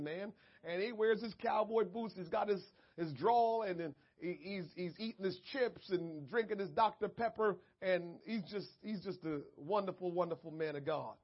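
Husky-voiced man preaching a sermon. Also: high-pitched, lo-fi sound. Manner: builds from calm storytelling to shouted preaching. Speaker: pastor.

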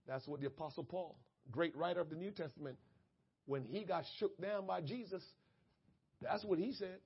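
Fervent high-voiced male preacher, lo-fi. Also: moderate pace, vocal fry, husky. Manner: fervent preaching that swings from quiet asides to shouted, tearful prayers. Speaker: pastor. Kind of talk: sermon. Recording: dull lo-fi church audio.

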